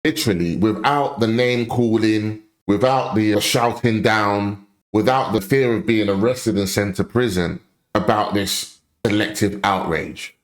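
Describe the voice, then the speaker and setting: Speaking a little slowly in a lowish voice, a man hosting commentary rants about a clip he is reacting to. He's blunt and fired up, saying his points again and again for emphasis.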